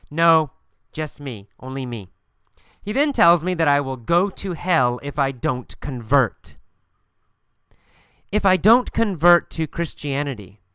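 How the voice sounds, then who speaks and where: A man's voice: mid-range voice, fairly bright tone, smooth, no room sound, studio quality. A man teaching an English lesson by telling a story, asking questions and answering them himself with emphatic repetition.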